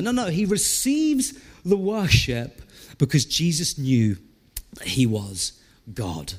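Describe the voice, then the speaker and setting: A male pastor delivers a sermon to his church in a conversational, animated way, often putting questions to the congregation. His voice sits a little high and rises and falls a great deal as he preaches. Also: a little slow.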